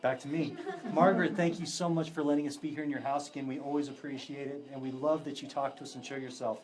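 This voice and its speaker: Man, psychic medium, ghost hunt host, chatty, laughs a lot, mid-pitched voice. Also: quick pace, a crowd in the background. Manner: relaxed, chatty, laughs often, relays spirit answers. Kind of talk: live ghost box session with a group. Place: indoors in a historic house with a group.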